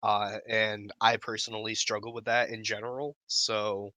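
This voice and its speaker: A man co-hosting a tabletop gaming podcast, chatting casually in a measured way with filler ums. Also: fairly low pitch, little pitch movement, pushed and bright, dry recording. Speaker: podcast co-host. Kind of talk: casual chat.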